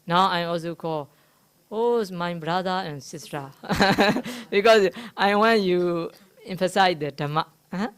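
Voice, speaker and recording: Slow, halting woman teaching Dhamma. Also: on the low side, clean tone. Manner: halting, explains Pali terms slowly with many fillers; gently teasing the audience. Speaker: Buddhist teacher. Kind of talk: Dhamma talk. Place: meditation centre hall.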